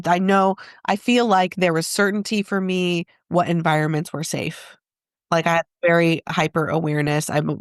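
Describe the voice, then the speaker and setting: A woman's voice: low-pitched, dry recording, clean studio sound. A woman guest in an interview, a therapist, talking in a reflective, self-questioning way and laughing often. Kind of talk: casual interview conversation.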